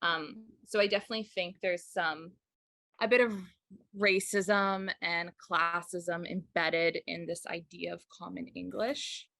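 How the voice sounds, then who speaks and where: A woman speaking earnestly and quickly in an interview, with small stumbles. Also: on the low side, fairly even intonation, gravelly, pushed and bright, no echo. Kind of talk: opinionated interview talk.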